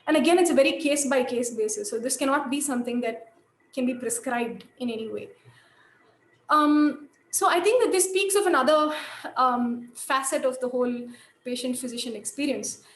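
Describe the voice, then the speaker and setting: A woman's voice: high voice, normal speed, roomy sound, rough recording. A woman giving a lecture, telling a case story thoughtfully with many fillers and restarts.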